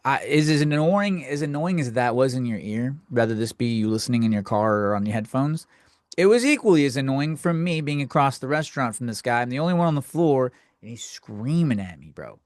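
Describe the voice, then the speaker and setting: A man's voice: medium pitch, no room sound, clean studio sound. A man hosting a podcast, delivering a comedic rant in a provocative, offhand way and brushing things off as jokes. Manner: provocative, offhand, quick to say just kidding. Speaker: podcast host.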